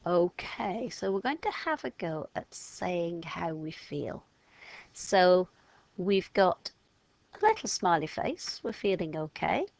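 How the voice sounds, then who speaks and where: Slow, patient woman teaching phonics. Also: lowish voice, sing-song, vocal fry, a little mellow, no echo. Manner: slow, patient, modelling sounds aloud and stretching words. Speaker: French teacher. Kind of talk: step-by-step phonics lesson for children.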